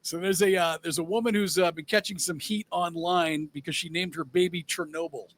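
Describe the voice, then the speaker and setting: A man co-hosting a podcast, reading out news stories in a measured way, with frequent "uh" fillers. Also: fairly high pitch, fairly even intonation, fairly bright tone. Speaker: co-host.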